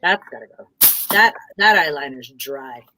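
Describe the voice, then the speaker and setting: A woman co-hosting a live stream, chatting playfully with quick asides. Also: low-pitched, animated, sharp tone, a little hiss or hum. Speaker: co-host. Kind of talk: casual live-stream chat.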